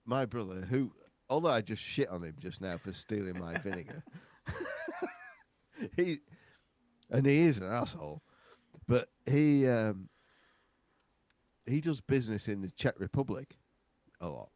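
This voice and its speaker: A man's voice: medium pitch, very animated, unhurried, long pauses, a little mellow, no room sound. A man chatting as a podcast co-host, blunt and profane, laughing easily. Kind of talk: casual banter.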